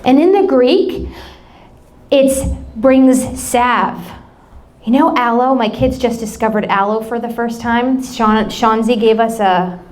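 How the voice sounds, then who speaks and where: A woman's voice: fairly high pitch, slow, darkish tone. A woman in her thirties with an American accent, a pastor preaching a sermon and telling a family story with laughing asides.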